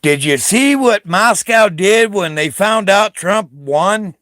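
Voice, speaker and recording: A man's voice: sits high, expressive, slow, fairly bright tone, no echo, studio quality. An older man from the United States, a Navy veteran, delivering an angry, profane political rant, confrontational and taunting.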